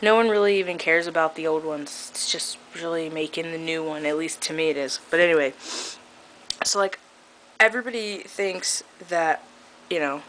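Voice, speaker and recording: A young woman with a low-pitched but bright voice rants casually to her webcam, piling on fillers, sarcasm and quick laughs. A faint hiss of room noise sits under her voice. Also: poor audio. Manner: chatty, filler-heavy, laughs often, sarcastic. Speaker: vlogger. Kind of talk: casual vlog rant.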